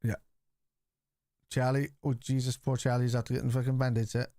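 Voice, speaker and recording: A man's voice: medium pitch, little pitch movement, brisk, warm tone, no room sound, clean studio sound. A man hosting a live fan watchalong, reading out and answering viewer chat in a blunt, casual way, swearing freely. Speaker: fan channel host.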